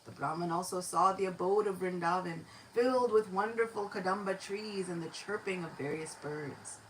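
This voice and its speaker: A woman giving a devotional lecture, telling a sacred story in an expressive, animated way. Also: on the low side, normal speed, a little hiss or hum, rough recording.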